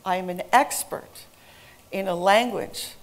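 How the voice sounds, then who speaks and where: A woman in her forties, an English teacher, giving a presentation to an audience with lively, humorous storytelling. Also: mid-range voice, a little slow.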